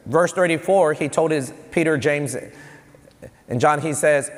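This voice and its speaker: Texan male pastor, animated sermon delivery, higher voice, echoing sanctuary. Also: unhurried. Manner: animated preaching, rising to emphatic peaks. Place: church hall. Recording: long church reverb.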